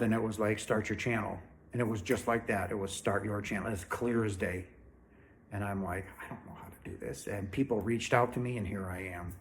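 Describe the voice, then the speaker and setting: A man with a low voice speaks straight to his viewers about spiritual matters. He is blunt and emphatic, with no-nonsense conviction. A faint room hum sits under his voice. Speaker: spiritual channel host. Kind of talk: direct-to-camera spiritual talk. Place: home, indoors.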